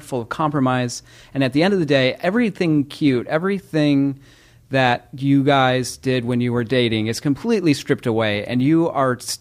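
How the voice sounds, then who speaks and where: A man in his thirties, a married podcast guest, who talks casually and often stumbles and repeats words. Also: medium pitch.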